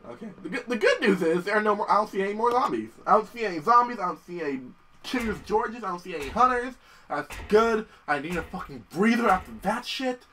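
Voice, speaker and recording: A young man commentating his gameplay, excitable and profane, often yelling at the game. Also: high-pitched, fast, recorded from a distance, slight background noise. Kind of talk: let's play commentary.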